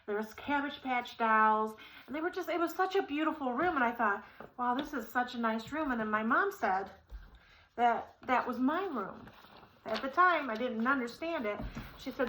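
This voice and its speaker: A woman's voice: a little high, lively intonation, normal speed, a little hiss or hum, poor audio. A middle-aged woman vlogger telling a personal story in a rambling, casual way with many fillers while assembling furniture. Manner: rambling, warm-hearted, many fillers and restarts.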